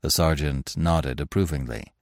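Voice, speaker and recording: A man narrating a classic story in an expressive, dramatic audiobook reading. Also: a bass voice, moderate pace, no room sound, clean studio sound.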